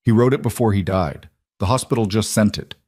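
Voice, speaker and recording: A man voicing a grieving young mother, speaking in a tearful, pleading, halting way. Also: fairly low pitch, darkish tone, husky, no echo, clean studio sound. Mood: urgent.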